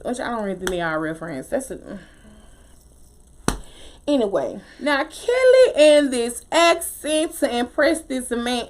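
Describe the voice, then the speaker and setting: A woman casually recapping a TV episode, opinionated and animated, with slangy talk and frequent laughter. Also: a little high, measured pace. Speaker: TV show recap host.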